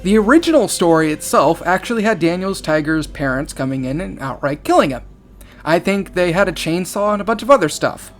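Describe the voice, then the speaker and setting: A man's voice: high voice, lively intonation, fairly quick, soft background music. A man commenting on a horror story as he reads it aloud, exasperated and sarcastic, swearing often.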